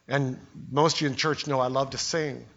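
A man's voice: mid-range voice, fairly even intonation, normal speed, fairly bright tone, highs cut off. An older man preaching a sermon as pastor, telling stories and acting out the quotes. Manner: storytelling preacher, acts out quotes with voices.

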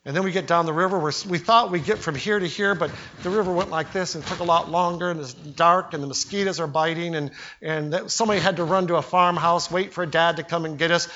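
An older pastor preaches with a bright, forceful, slightly high voice, telling homely stories and acting out what people said. The recording sounds dull and lo-fi. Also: male voice, steady tone, fast talker, hardly any pauses, a little hiss or hum. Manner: storytelling preacher, acts out quotes with voices. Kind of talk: sermon.

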